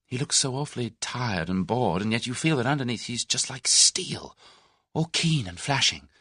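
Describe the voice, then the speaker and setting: A man voicing an eager, bold young woman adventurer in a raised, excited voice. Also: normal speed, husky, dry recording, studio quality, full character voice. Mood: wondering. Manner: excited, high-pitched.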